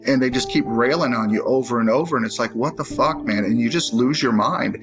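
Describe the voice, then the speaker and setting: A man's voice: medium pitch, a little fast, over music. A man giving a casual personal account in an emphatic, repetitive way, swearing freely. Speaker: interviewee.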